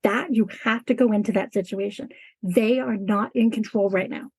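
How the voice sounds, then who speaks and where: A woman's voice: medium pitch, steady tone, moderate pace, a little mellow, slightly rough, dry recording. A woman teacher talking as a guest in an interview, earnest and emphatic. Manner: earnest, emphatic, acts out classroom talk. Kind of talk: conversational interview.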